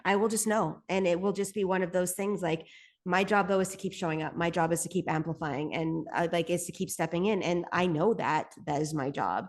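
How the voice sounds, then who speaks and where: A woman's voice: fairly low pitch, brisk. A woman from Canada, a spiritual guide appearing as a podcast guest, who speaks earnestly and emphatically, repeats her points and swears casually.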